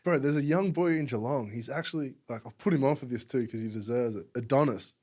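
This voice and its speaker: A man's voice: medium pitch, fast talker, darkish tone. A young Australian man from Melbourne, a podcast guest talking casually, rambling with lots of "like" and frequent laughs. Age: young adult. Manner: rambling, heavy use of "like", laughs often. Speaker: podcast guest, music publication founder. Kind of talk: casual conversation.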